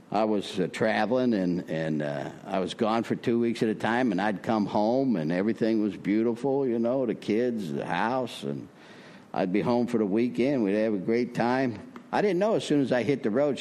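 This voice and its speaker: A man's voice: fairly low pitch, a little mellow. An older man sharing his story at a recovery meeting, talking in a folksy way with many fillers, his voice rising when he preaches. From Prescott, Arizona. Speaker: recovery speaker.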